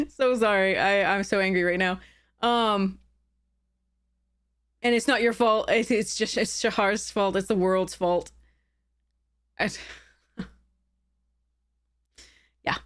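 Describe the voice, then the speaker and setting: A woman game streamer chatting live with her viewers, earnest and heated, often stopping to apologize. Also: fairly low pitch.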